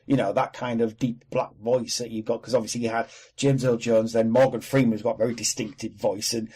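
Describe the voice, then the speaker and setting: Man from Wales, podcast co-host, husky voice, casual opinionated chat. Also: medium pitch, level tone, fairly quick, a little mellow. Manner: chatty, opinionated, swears casually.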